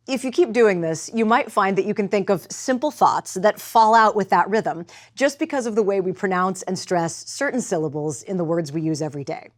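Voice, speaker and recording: Woman, acting teacher, measured lecture with demonstrations, faint background noise. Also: mid-range voice.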